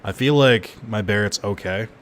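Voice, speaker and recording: Low-voiced joking male streamer. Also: fairly bright tone. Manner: joking, swearing, quick asides. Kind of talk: casual gameplay commentary.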